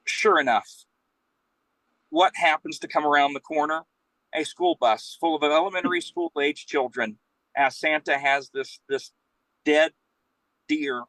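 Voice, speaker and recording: A man's voice: on the high side, normal speed, no echo, poor audio. A man, rambling through an anecdote and acting out the quotes. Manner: rambling, animated storytelling with acted-out quotes. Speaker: guest storyteller, professional Santa. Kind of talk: casual anecdote telling.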